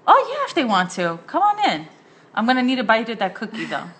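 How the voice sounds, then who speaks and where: A young woman hosting a casual live-stream chat, gushing and excitable, laughing often. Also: a little high, fast, slightly rough. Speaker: host.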